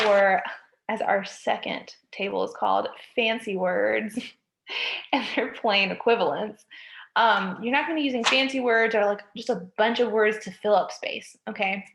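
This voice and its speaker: Slow, gravelly woman instructor lecturing. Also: medium pitch, background noise. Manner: checks in with frequent "okay?", corrects herself mid-sentence. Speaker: college writing instructor. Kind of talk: recorded lecture. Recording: echoey room.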